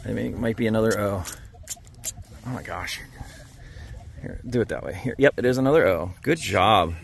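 A man's voice: lowish voice, lively intonation, moderate pace, vocal fry, a little hiss or hum. Upbeat man narrating a dig outdoors. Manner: upbeat, cheering on his friends. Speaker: metal detecting vlog host. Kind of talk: casual on-the-spot narration.

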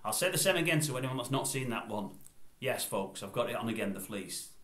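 Older bloke, mid-pitched, digressive vlogger rant, recorded in an echoey room. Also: male voice, lively intonation, brisk, a bit bright. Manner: rambling, digressive, opinionated. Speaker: YouTube commentator. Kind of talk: casual opinion vlog.

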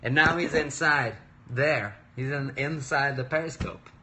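A man's voice: mid-range voice, a little slow, bright, forceful tone. Chatty man rambling on a phone livestream. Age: 30s. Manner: rambling, self-interrupting, playful and chatty. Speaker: musician livestreaming. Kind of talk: casual livestream chat. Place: home work desk.

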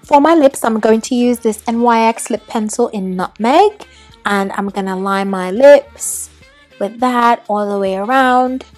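A woman's voice: a little high, unhurried, darkish tone, faint music behind. A young woman from Trinidad doing a put-on British accent, chatty and gushing as she voices over a makeup tutorial. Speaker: beauty vlogger.

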